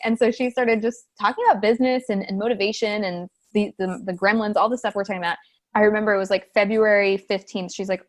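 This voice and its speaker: A woman's voice: medium pitch, quick pace. A woman in her thirties, a business coach, talking casually as a podcast guest and acting out the voices of the people she quotes. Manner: animated storytelling, acts out quoted voices.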